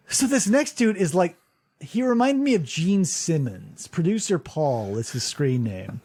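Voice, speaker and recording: A man co-hosting a podcast, chatting casually in an animated, incredulous way, swearing often and filling his talk with "like". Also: on the high side, unhurried, slightly rough, no room sound. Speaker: podcast co-host. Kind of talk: casual comedic recap chat.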